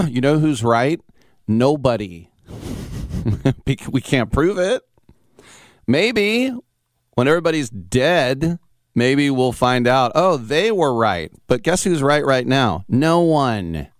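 A man's voice: medium pitch, big pitch swings, slow pace, long pauses, no echo, clean studio sound. A man hosting a sports radio show, talking in a rambling, digressive, wry way. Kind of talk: opinionated sports talk monologue. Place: radio studio.

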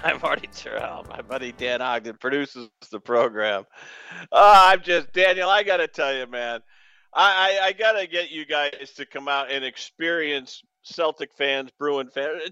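A man from New England hosting a sports radio show, rambling excitably with stammering restarts. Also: fairly high pitch, smooth, no room sound.

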